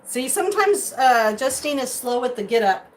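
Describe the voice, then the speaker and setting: A woman vlogger chatting casually with viewers from her kitchen, rambling and animated, breaking into high excited squeals. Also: moderate pace, a little hiss or hum, poor audio. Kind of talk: casual live chat. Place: home kitchen.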